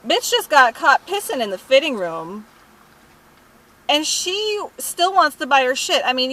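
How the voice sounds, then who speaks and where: Bright-voiced young woman ranting profanely. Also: fairly high pitch. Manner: profane, indignant, animated retelling. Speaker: thrift store employee. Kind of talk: ranting storytime vlog.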